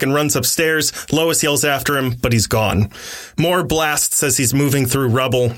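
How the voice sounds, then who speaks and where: Bright-voiced man retelling a story. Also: medium pitch, measured pace. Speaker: podcast host.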